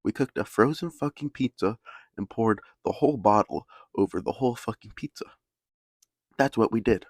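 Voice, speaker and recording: Young dude with a low gravelly voice, slangy and swearing nonstop, dry close mic. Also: male voice, normal speed, dry recording. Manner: swears constantly, laid-back slangy delivery. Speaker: storyteller. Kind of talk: casual storytelling.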